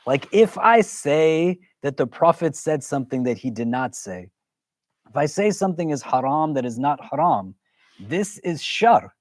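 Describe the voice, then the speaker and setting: A man's voice: fairly high pitch, sing-song, moderate pace, dry recording. A man teaching a religious class, talking conversationally and often putting questions to the audience. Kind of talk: interactive religious lesson.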